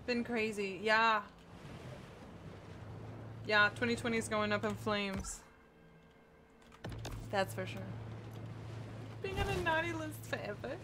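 A woman's voice: a little high, takes it slowly, pauses often, background noise. A woman streaming a video game, chatting playfully with viewers, greeting them by name and humming along with a giggle. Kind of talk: casual live-stream chat.

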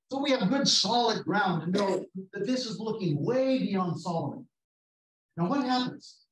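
A man leading an interactive Bible study, reading scripture slowly and putting questions to his class. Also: sits high. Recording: roomy, distant mic, faint noise.

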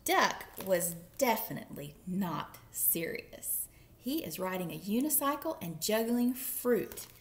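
A woman librarian reading picture books aloud for story time, playful and animated with whispered asides. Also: medium pitch, unhurried. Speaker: children's librarian.

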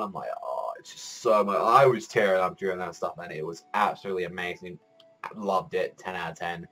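A young man giving a casual, excitable anime episode review, rambling with lots of fillers and swearing. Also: fairly low pitch, moderate pace, breathy edge, soft background music.

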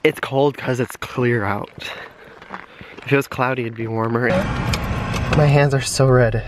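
A man on a cold outdoor trip talks casually straight into his handheld camera, a little shivery and easygoing. His voice sits in a middling range. Steady outdoor noise and passing cars run under everything. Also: mid-range voice, a little slow. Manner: chatty, talking to camera. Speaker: vlogger. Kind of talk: casual travel vlog. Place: outdoors in a snowy national park.

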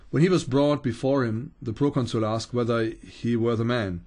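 A man reads an old account aloud for a teaching broadcast. His delivery is unhurried and plain, with a few small stumbles and restarts. His voice sits at a middle pitch for a man. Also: darkish tone. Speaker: Bible teacher. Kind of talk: reading an ancient account aloud.

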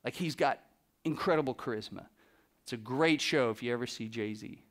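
A man giving a live, animated storytelling talk to an audience as a photographer, acting out the people he quotes by dropping his voice. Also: mid-range voice, moderate pace. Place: presentation room with a live audience.

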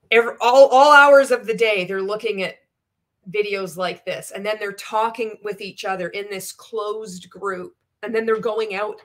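A woman's voice: mid-range voice, a bit bright. A middle-aged woman giving reaction commentary on social media posts, talking in an exasperated, sardonic way and reading comments aloud. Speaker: anti-MLM commentator.

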